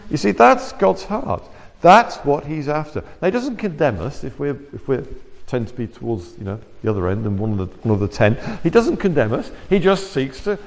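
A man preaching a sermon in a lively, conversational way with wry asides. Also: on the high side, a little fast, vocal fry. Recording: long reverb of a church hall.

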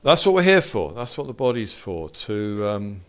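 A man preaching an informal sermon to a small fellowship, swinging from quiet asides to loud exhortation. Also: fairly low pitch, very animated, normal speed, smooth.

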